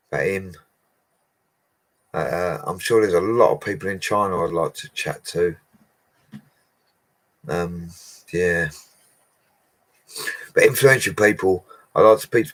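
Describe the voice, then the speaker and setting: A low-pitched man chats casually through a livestream Q&A. He is a bricklayer answering viewers' questions in a matey, easygoing way and laughs often. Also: a bit bright.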